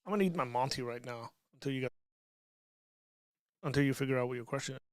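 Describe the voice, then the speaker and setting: A man's voice: mid-range voice, quick pace, clear, resonant tone, no echo, clean studio sound. Casual man answering chat questions. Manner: loose and conversational, frequent ums and restarts, reading questions aloud. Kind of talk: casual livestream Q&A.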